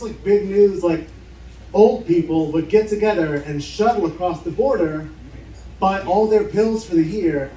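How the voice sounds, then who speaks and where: At a bar show, a man tells a live story casually, swearing and acting out the people in his tale. His voice is high-pitched and warm, with slight background noise. The room echoes, the mic sounds distant, and the audience cheers and laughs.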